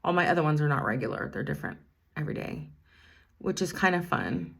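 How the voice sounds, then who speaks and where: Gravelly-voiced woman in her fifties, chatty. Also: sits low, big pitch swings, a little fast. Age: 50s. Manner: rambling, chatty, breaks off mid-story to narrate makeup. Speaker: vlogger, school bus driver. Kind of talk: casual get-ready-with-me chat.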